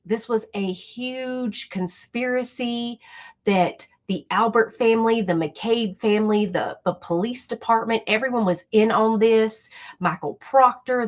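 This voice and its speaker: A woman hosting a casual reaction commentary channel, chatty and talking straight to her viewers. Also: mid-range voice. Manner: chatty, animated, speaks directly to viewers. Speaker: YouTube commentary host.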